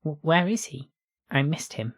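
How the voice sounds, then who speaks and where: A man's voice: a little high, expressive, measured pace, fairly bright tone, voice pushed up. A man voicing a small, anxious alien creature who stammers and worries. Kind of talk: audiobook reading.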